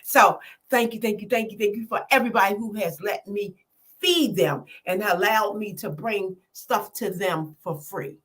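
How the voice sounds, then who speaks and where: An older woman, a comedian guest making lively, emotional thank-yous in casual talk-show chat. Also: mid-range voice, moderate pace. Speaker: comedian and community organizer, guest.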